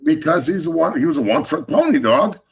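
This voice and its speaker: Gravelly, fired-up male sports host. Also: fairly high pitch, sing-song, quick pace. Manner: fired up, profane, swings loud and emphatic. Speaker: show host, former NFL lineman. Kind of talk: heated sports talk rant.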